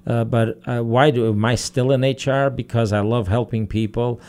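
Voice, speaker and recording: A man's voice: medium pitch, fairly even intonation, normal speed, darkish tone. A man in his fifties, a human resources director, speaking earnestly and steadily as a radio guest, with frequent fillers. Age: 50s. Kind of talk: radio interview. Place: radio studio.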